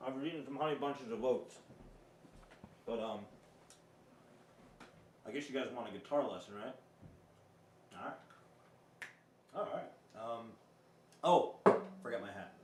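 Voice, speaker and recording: Chatty guitar teacher in an echoey room. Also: male voice, medium pitch, normal speed, long pauses, a little hiss or hum. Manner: loose and chatty, with filler words. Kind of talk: casual video guitar lesson. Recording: roomy, distant mic with guitar playing. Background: guitar notes played between phrases.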